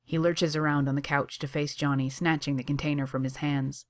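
A woman reading fan fiction aloud, expressive and casual, with swearing in the narration. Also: low-pitched, fairly quick. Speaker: reader.

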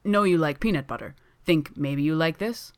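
A woman's voice: low-pitched, normal speed, no room sound, lightly acted. A woman reading aloud and voicing a cheerful young Russian baker who speaks clipped, broken English. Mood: warm. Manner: clipped broken English, drops small words.

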